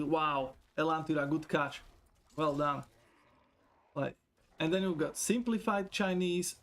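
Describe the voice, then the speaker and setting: A man's voice: fairly high pitch, slow pace, pauses often, fairly bright tone. A man, streaming a game and chatting casually with viewers, joking and swearing a lot. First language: not English. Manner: chatty, profane, joking, reads chat aloud. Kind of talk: casual gaming stream chat.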